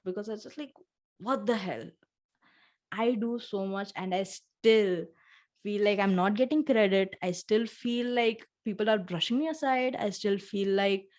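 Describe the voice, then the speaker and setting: Woman co-host, earnest and reflective, casual heart-to-heart talk, mid-pitched voice. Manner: earnest, reflective, lively retelling of own feelings. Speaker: podcast co-host.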